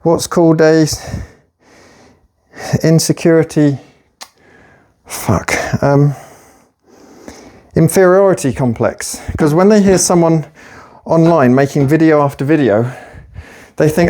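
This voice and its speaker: A man's voice: a little high, unhurried, a little mellow. A man, a personal trainer, ranting casually and profanely while working out at the gym. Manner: profane, rambling, sarcastic. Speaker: personal trainer and fat-loss vlogger. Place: gym during a workout.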